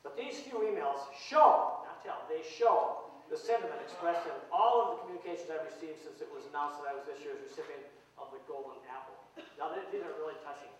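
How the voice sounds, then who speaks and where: A man's voice: fairly high pitch, a little fast, recorded from a distance. A man who teaches university English gives a humorous, sarcastic award acceptance speech to an audience in a large hall. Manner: sarcastic deadpan joking. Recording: echoey hall recorded from afar with noise.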